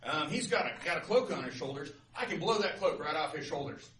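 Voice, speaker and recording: A man voicing a blustery, boastful male north wind in a told fable, pushy and loud, recorded from a distance in a roomy class. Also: fairly high pitch, lively intonation, brisk.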